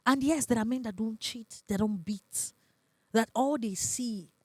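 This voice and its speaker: A woman with a Nigerian accent, a relationship advisor talking as a guest in a casual interview, animated and dramatic, laughing often. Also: fairly high pitch, measured pace, no echo. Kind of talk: casual podcast interview talk.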